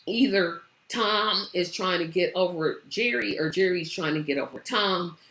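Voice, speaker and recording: A woman hosts her own talk stream in a relaxed, meandering way, trailing off into fillers as she goes. She talks slowly and sounds worn out. Her voice carries a noticeable room echo. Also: on the low side. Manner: chatty, rambling with many fillers. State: tired. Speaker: show host. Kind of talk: casual livestream chat.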